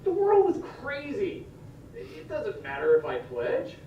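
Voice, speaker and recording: A man's voice: very high-pitched, wildly swooping pitch, a little slow, dull audio, slight background noise, exaggerated voice. A man playing a glum, doubting churchgoer. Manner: gloomy, dismissive, easily startled. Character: glum middle-aged man doubting his church pledge. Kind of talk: amateur comic church video. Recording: roomy video played from far off.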